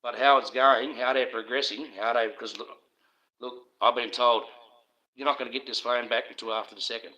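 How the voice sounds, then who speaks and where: A man's voice: medium pitch, steady tone, normal speed, pushed and bright, lo-fi sound. A middle-aged Australian man talking on his own livestream, rambling in an aggrieved, conspiratorial way and speaking straight to his viewers. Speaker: livestream host.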